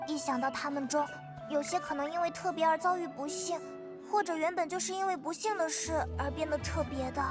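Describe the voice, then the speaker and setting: A woman's voice: high-pitched, brisk, long pauses, over loud music, lightly acted. A woman voicing a curious cheerful game girl. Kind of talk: Chinese game dub.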